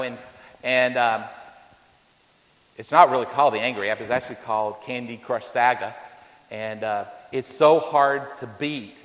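A man's voice: medium pitch, fairly bright tone, in a large hall, low-quality recording. A man preaching a sermon as pastor, folksy and anecdotal, with many fillers and homespun stories.

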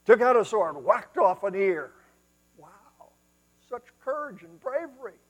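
A man with a high voice preaches a sermon. He tells the scripture like a story, climbing to loud, excited peaks and then falling to quiet, hushed asides. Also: measured pace, big-room sound, poor audio. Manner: dramatic storytelling, swings between loud exclamations and hushed asides.

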